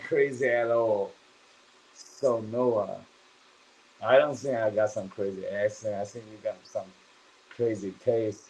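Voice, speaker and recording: A man's voice: medium pitch, a little slow, poor audio. A young man, chatting casually and slangily on a late-night livestream, sleepy and swearing now and then. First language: Chinese. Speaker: livestream host.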